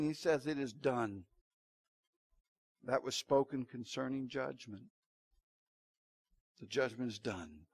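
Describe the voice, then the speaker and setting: A pastor giving an evening church sermon, preaching dramatically and swinging between loud emphatic lines and low hushed asides. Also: male voice.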